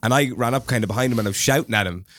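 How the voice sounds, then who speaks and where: An Irish man co-hosting a podcast, telling a running story with lively quoted voices and frequent laughter. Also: mid-range voice, very fast. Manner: animated storyteller, laughs often. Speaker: podcast co-host. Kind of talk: casual chat, storytelling.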